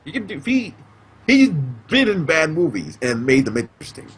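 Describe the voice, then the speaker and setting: A man's voice: fairly high pitch, big pitch swings, normal speed, fairly bright tone, husky. A man co-hosting a podcast in casual chat, asking lots of questions and laughing often. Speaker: podcast co-host.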